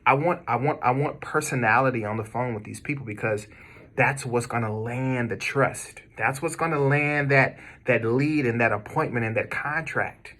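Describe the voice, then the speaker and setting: American male boss, direct pep-talk delivery, bright tense tone, mid pitch. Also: normal speed. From United States. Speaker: business owner coaching cold callers. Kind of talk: motivational training talk. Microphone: camera video, speaking to viewers.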